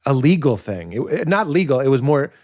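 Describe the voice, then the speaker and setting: A man, a comedian and podcast guest, talking casually in an animated, riffing way and laughing at his own points. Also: mid-range voice, brisk.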